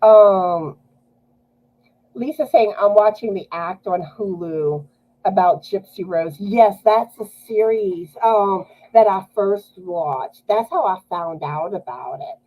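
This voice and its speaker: A woman's voice: medium pitch, mellow, low-quality recording. A woman with a South Louisiana Cajun accent, hosting a knitting live stream in a chatty way, laughing often. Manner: chatty, laughs often, drawn-out filler words. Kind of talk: casual live-stream chat.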